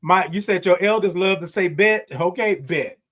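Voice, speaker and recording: Upbeat high-voiced livestream host man. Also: moderate pace, a bit bright. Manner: upbeat, repetitive, call-and-response, frequent laughs. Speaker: host of a morning livestream show. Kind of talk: casual livestream talk, reading viewer comments.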